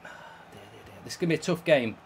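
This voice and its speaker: A man's voice: on the high side, expressive, racing, a little hiss or hum. A man with a heated, swear-filled delivery, hosting video game commentary. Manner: exasperated, swears often. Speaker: host.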